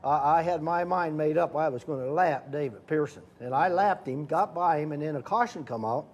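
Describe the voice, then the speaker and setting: A man's voice: fairly high pitch, fairly quick, dull audio. An older man, a retired stock car driver, telling a racing story in an easygoing way. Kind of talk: casual storytelling.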